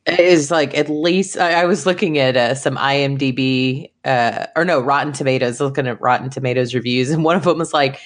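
A woman co-hosting a casual movie review podcast, animated and acting out lines from the film in jumpy voices. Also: a bass voice, brisk, few pauses. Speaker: podcast co-host.

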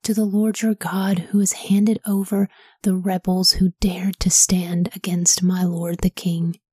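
An eager young man begs and reports in a hushed, breathy voice, as a woman reads him. This is whispered role-play inside a Bible reading, dry and close. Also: lowish voice, little pitch movement, a little slow, dry recording. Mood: pleading. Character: eager young male messenger, pleading.

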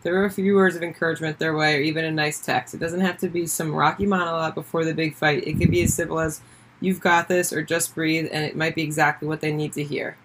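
A young woman co-hosting a casual chat, reading sports tips in a lively, playful, teasing way. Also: low-pitched, fast, noisy background.

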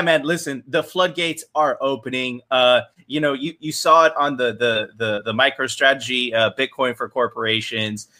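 A man's voice: medium pitch, sharp tone. A man speaking as a guest in a casual panel chat, enthusiastic and emphatic.

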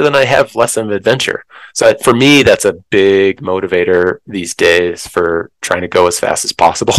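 Middle-aged male guest, low voice, dry close sound, thoughtful and candid with ums. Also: a bit bright, no echo, rough recording. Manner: reflective, candid, frequent ums. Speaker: guest, math professor and bikepacker. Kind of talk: casual conversational interview.

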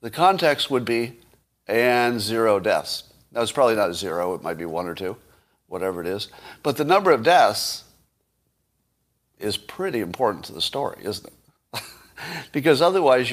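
A man's voice: mid-range voice, lively intonation, normal speed, long pauses. Male commentator, middle-range voice, casual and sarcastic, full of rhetorical questions. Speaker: political commentator.

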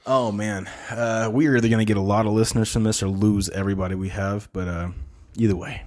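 A man's voice: lowish voice, fairly even intonation, fast. A young man co-hosting a podcast in casual chat, laid-back and rambling, laughing often. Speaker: podcast co-host.

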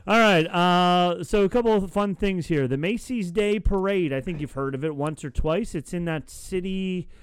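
A man's voice: high voice, normal speed, hardly any pauses, smooth. A man co-hosting a casual podcast, chatty and playful as he brings up news items. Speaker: podcast co-host. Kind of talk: casual chat.

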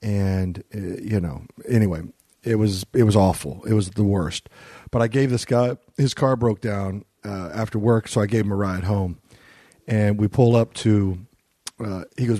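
A man's voice: fairly low pitch, fairly even intonation, moderate pace, warm tone, dry recording. A man chatting casually on a talk show, telling stories in a dry, self-deprecating way. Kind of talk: casual chat.

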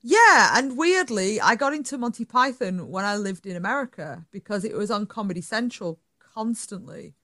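A woman's voice: medium pitch, moderate pace, hardly any pauses. A woman from northern England with a northern English accent, chatting animatedly as a podcast guest. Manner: chatty, animated, laughs easily. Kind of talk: casual chat.

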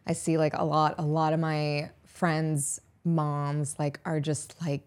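A woman's voice: deep voice, little pitch movement, takes it slowly, a little mellow. A woman in her twenties talking as a podcast guest, earnest and open, with lots of "like" fillers. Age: 20s. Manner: earnest, heavy use of "like" fillers. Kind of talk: casual chat.

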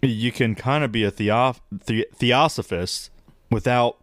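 A man's voice: medium pitch, measured pace, no echo, clean studio sound. A man co-hosting a podcast, talking bluntly and swearing freely. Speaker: podcast co-host. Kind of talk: casual chat.

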